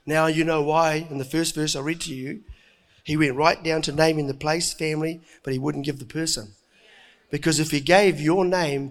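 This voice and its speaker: A middle-aged man preaching a sermon, telling the story with lively acted-out voices and frequent chuckles. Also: on the high side. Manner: animated storytelling, acting out voices, chuckling often.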